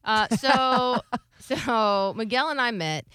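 Bright, high-voiced woman telling a story. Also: takes it slowly, smooth, no echo. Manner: animated storyteller, laughs often, acts out quotes. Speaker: radio morning show co-host. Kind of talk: casual podcast chat.

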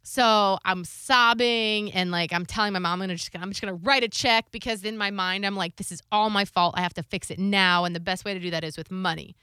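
Casting: woman co-host, bright clear voice, candid and confessional, close dry mic. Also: medium pitch, fairly even intonation, fairly quick, few pauses, no room sound. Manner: open, confessional, swears casually. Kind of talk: candid conversational storytelling.

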